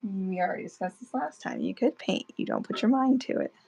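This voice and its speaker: Gravelly-voiced woman, chatty storyteller. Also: mid-range voice, huge pitch swings, brisk, a little mellow. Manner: chatty storyteller, laughs easily. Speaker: co-host, artist. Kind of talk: casual chat while painting.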